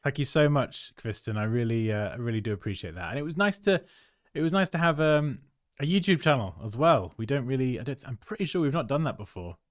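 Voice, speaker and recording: A man's voice: mid-range voice, animated, a little fast, no room sound, clean studio sound. A man hosts a livestream, giving chatty, upbeat feedback on viewers' design work and laughing often. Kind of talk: casual livestream commentary.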